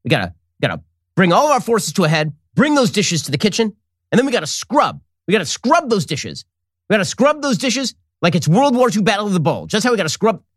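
A man's voice: sing-song, a little fast, dry recording, studio quality. A man putting on the voice of a bombastic man who barks battle orders. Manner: booming, militaristic.

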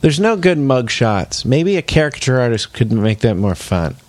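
A man's voice: mid-range voice, normal speed, no echo. A man co-hosting a comedy podcast, improvising and steering the bits like a host. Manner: animated, resets scenes like a show host.

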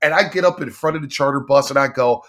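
Brief: excitable male sports radio voice, lively and fast-moving, everyday mid-range pitch. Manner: animated, hyped, chants and yells in quotes. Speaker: radio sports host, guest. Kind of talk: excited storytelling chat.

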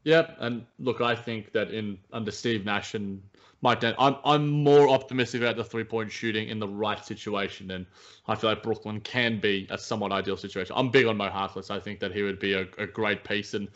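A man's voice: fairly low pitch, fairly even intonation, a little fast, a bit bright. A man co-hosting a casual basketball podcast, talking with many restarts and fillers. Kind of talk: casual sports chat. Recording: dull lo-fi sound.

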